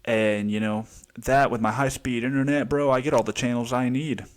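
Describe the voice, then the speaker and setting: A man's voice: mid-range voice, fairly even intonation, moderate pace, natural voice. A man doing a smug bro bragging. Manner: laid-back bro slang. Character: smug young man bragging about his TV setup.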